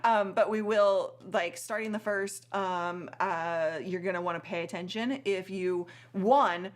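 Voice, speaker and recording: A woman's voice: medium pitch, unhurried. A tired woman hosting a casual live stream, chatty, with frequent laughs and many fillers.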